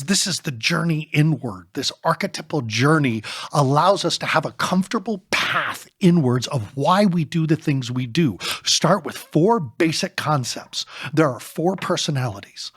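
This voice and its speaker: A man co-authoring a book, talking in an animated way in a podcast discussion and firing off rapid rhetorical questions. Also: a little high, slightly rough, dry recording, studio quality. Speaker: co-author and speaker.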